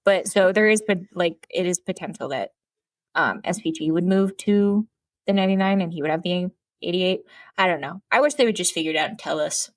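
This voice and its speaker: A woman co-hosting a podcast in casual chat, hedging her opinions and dropping deadpan quips. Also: on the low side, brisk, no room sound, clean studio sound. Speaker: podcast co-host.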